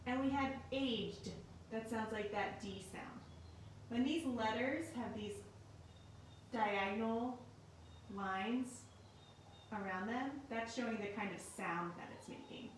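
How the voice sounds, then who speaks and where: A woman teacher giving a recorded lesson in a slow, clear and patient way. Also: fairly high pitch, slight background noise. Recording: very echoey room, mic at a distance.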